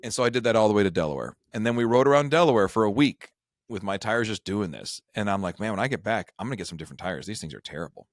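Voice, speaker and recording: A middle-aged man with a fairly low voice tells a rambling, self-deprecating story in easy conversation. He hosts a retirement advice show. The sound is dry and close. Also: lively intonation, quick pace, dry recording. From Michigan. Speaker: retirement advisor and show host. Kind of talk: casual storytelling chat.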